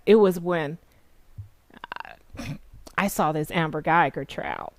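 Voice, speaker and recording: A woman delivering an angry, profane vlog monologue, swinging from low mutters to shouted taunts. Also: unhurried, pauses often, dry recording. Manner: sarcastic taunting, emphatic repetition. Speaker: political commentary vlogger.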